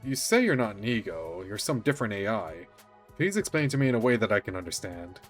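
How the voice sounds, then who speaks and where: A streamer reads out a visual novel in a man's voice, pitch swinging all over the place as he jumps between characters and his own reactions. Faint game music sits underneath him. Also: fairly quick. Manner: reads every character aloud, with animated asides and laughter. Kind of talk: reading a visual novel aloud while playing.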